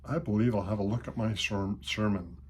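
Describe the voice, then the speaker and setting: A man's voice: on the low side, steady tone, fairly quick, a little hiss or hum, lightly acted. A man voicing a flustered, kindly old parson who huffs and exclaims. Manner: huffing, exclaiming. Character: fussy old male parson, flustered and kind.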